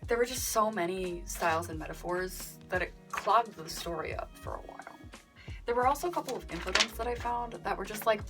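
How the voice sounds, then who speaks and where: A woman's voice: mid-range voice, brisk, soft background music. Sarcastic young woman reviewing a book. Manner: animated and sarcastic, mocking quotes in a breathy whisper. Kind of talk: casual book review vlog.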